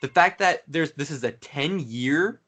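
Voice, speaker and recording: A man co-hosting a casual podcast chat, retelling moments with excitement and energy. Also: fairly high pitch, measured pace. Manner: excited storytelling, acts out quotes. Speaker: podcast co-host.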